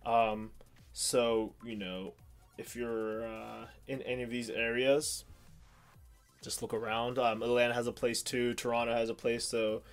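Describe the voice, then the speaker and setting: A man's voice: mid-range voice, level tone, a little slow, soft background music. A young man from the Pittsburgh area co-hosting a podcast, rambling casually with lots of ums and restarts. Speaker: podcast co-host. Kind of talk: casual chat.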